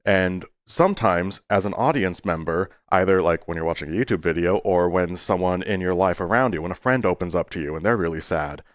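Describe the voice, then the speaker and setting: A man talking to his viewers in a casual, rambling way, earnest but playful, with sudden jumps into a high voice. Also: a little fast, few pauses, no echo, clean studio sound. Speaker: YouTuber. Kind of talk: casual talking-to-camera monologue.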